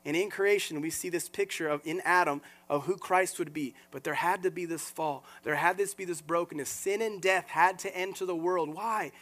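A man preaching as lead pastor, earnest and animated, often repeating words and restarting phrases. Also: high-pitched, moderate pace, hardly any pauses. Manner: acts out quoted voices mid-sermon. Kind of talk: sermon.

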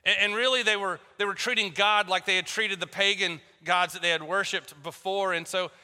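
A man's voice: sits high, steady tone, fairly quick, bright, forceful tone, clean tone. A man preaching a sermon, telling a story and acting out both sides of a phone call with jokes. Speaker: pastor. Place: church hall. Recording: long hall reverb.

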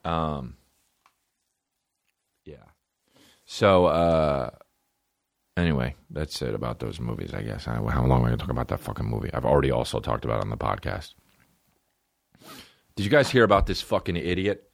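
Deep-voiced man ranting on a podcast. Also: normal speed, creaky, long pauses, no echo, studio quality. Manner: profane, rambling, animated with sudden high outbursts. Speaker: podcast host. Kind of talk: casual comedic podcast rant.

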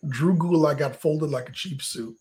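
A man's voice: a little high, normal speed, dark tone, husky. A man co-hosting a wrestling podcast, chiming in with short quips. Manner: chimes in with short quips and hums. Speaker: podcast co-host. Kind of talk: casual wrestling chat.

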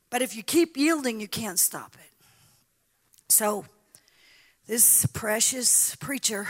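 High-voiced woman preaching a dramatic story. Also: very animated, takes it slowly, long pauses. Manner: dramatic storytelling, swinging from whispers to loud cries. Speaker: guest preacher. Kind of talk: sermon storytelling.

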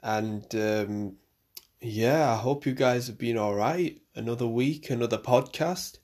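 A man's voice: mid-range voice, unhurried, darkish tone. A young man from the UK hosting his own podcast, chatting casually in a loose, rambling way with lots of fillers and restarts. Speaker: podcast host. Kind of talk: casual solo podcast chat. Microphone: camera and mic for a video podcast.

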